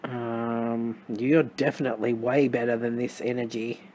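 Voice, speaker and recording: Australian accent, tarot reader, chatty, musing, wry asides, mid pitch. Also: little pitch movement, unhurried, darkish tone, slight background noise. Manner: thinks aloud with frequent restarts and fillers. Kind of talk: casual tarot reading to camera.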